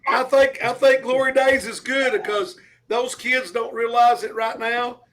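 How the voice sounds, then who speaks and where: A middle-aged man with a fairly high voice, chatting as a radio co-host. He sounds eager and agreeable as he reminisces. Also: steady tone, unhurried, a bit bright. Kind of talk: casual studio chat.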